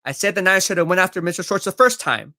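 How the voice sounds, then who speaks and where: Bright-voiced confident sports streamer man. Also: high-pitched, racing. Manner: confident, chatty, addresses viewers as bro. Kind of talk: live stream chat reading.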